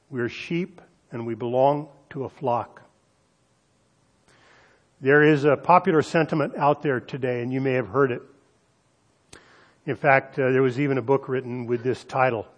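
A male pastor delivering a sermon in a medium-pitched voice. He drags out the phrases he wants to land, then moves on in a conversational tone. He speaks straight to his listeners with asides and questions. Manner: emphatic preaching with slowed, stressed phrases and audience asides.

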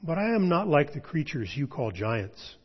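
Deep slow lion voice, ancient and calm, husky texture, muffled lo-fi sound, put on by a man reading aloud. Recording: dull lo-fi sound.

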